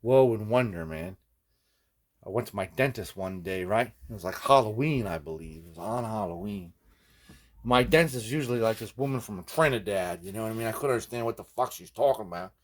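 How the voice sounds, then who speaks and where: A man's voice: fairly low pitch, animated, brisk. A man who builds guitars, casually telling long rambling stories, constantly checking in with his listener. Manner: rambling, digressive, constant "you know what I mean". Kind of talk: casual rambling storytelling vlog.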